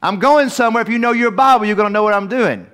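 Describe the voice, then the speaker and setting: A man's voice: high-pitched, fast talker, a bit bright. A man preaching a verse-by-verse Bible study in a church, emphatic and repetitive, not from Australia. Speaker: pastor.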